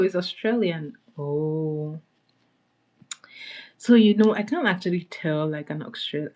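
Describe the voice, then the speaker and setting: A woman hosting a casual makeup livestream, chatting with viewers and greeting them by name as she applies products. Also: on the low side. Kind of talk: casual live-stream chat.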